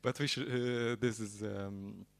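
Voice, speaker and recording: Low, gravelly man giving a talk. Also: steady tone, a bit bright. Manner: halting, storytelling, laughs at own jokes. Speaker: speaker at a temple program. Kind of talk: sermon.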